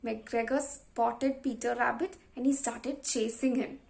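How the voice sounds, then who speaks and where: Woman teacher, high voice, patient questions for young pupils. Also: steady tone, creaky, a little mellow. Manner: slow, patient, asks the class questions. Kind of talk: explaining a story to young children.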